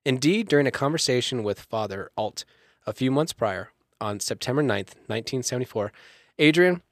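A man's voice: mid-range voice, fairly quick, dry recording, clean studio sound. A young man hosting a podcast, reading a case aloud between casual, swearing banter with friends. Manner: swearing, laughing, lively. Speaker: podcast host reading the story. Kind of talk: casual podcast chat, reading a true-crime script.

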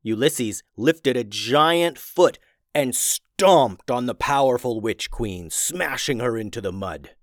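A man reading a children's fantasy storybook aloud in a steady, expressive voice. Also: medium pitch, takes it slowly, no echo, clean studio sound.

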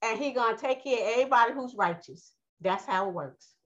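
A woman preaching a casual sermon, reading scripture and talking straight to her listeners, calling them honey and baby. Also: a little fast. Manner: animated, rising high when quoting the Most High. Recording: lo-fi dull audio.

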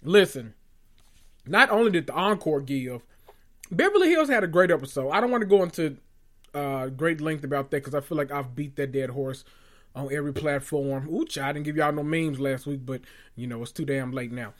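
A man gives a sassy, animated reality TV recap in casual chat. His voice sits slightly high for a man, and he swears freely. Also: normal speed.

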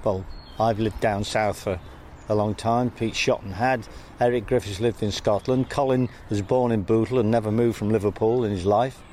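A man's voice: on the low side, steady tone, moderate pace, few pauses, mellow. Older man, wry anecdotal interviewee, faint hiss outdoors with distant traffic. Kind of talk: anecdotal conversation.

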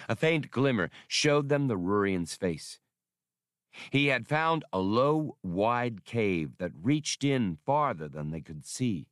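A man reading an audiobook aloud, telling the action in an animated way. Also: on the low side, slow pace, no room sound, studio quality. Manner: animated storytelling. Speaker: audiobook reader. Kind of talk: audiobook narration.

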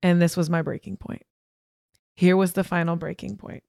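A young woman hosting a podcast tells her listeners a personal story directly, speaking frankly and with emphasis. Her voice sits on the low side, dark and gravelly, with a flat delivery at normal speed. The recording is studio quality with no room sound.

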